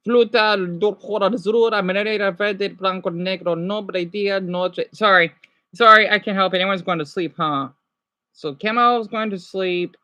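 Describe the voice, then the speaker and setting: A woman livestreaming casually, reading practice words aloud and chatting with her viewers, excitably exclaiming at surprises. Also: mid-range voice, a little slow, no echo. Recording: dull lo-fi sound.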